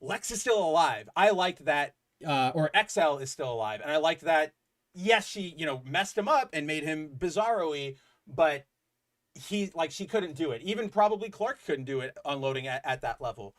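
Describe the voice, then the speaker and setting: A man co-hosting a podcast, excitedly retelling a story in a rambling, casual way full of fillers. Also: fairly high pitch, moderate pace. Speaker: podcast co-host. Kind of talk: casual comic book chat.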